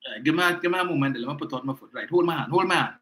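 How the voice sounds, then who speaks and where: A man's voice: fairly high pitch, lively intonation, very fast, fairly bright tone. A man putting on the voice of a frail older woman politician who needs help walking, fussy and short of breath. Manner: breathless, fussy, step-by-step mocking.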